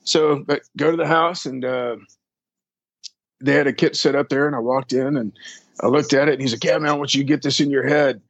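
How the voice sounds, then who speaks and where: A man's voice: medium pitch, fairly even intonation, brisk, no room sound, highs cut off. A man, a drum tech, telling rambling, profane stories in a casual interview and acting out the people he quotes. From Texas.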